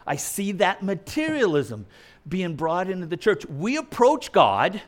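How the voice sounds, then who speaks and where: Male preacher, high voice, very lively pitch, emphatic, argumentative sermon. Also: measured pace. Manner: emphatic, argumentative, mimics opponents' objections; swings between loud punchy lines and quiet asides.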